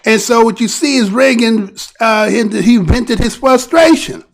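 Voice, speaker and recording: High gravelly-voiced American male commentator. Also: unhurried. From United States. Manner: rambling, conversational, keeps asking "right?". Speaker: channel host giving news commentary. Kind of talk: casual spoken news commentary.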